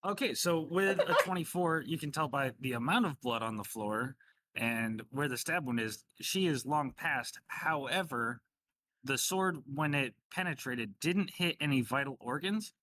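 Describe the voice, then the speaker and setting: A man's voice: mid-range voice, animated, a little slow, pushed and bright, a little hiss or hum. A man narrating as game master of a tabletop game, casual and joking, with frequent fillers.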